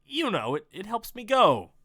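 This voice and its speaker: A man's voice: sits high, wildly swooping pitch, normal speed, pushed and bright, slightly rough, dry recording, voice pushed up, full character voice. A sheepish, awkward man, as a man puts him on. He speaks in a raised, hesitant voice. The sound is dry and close.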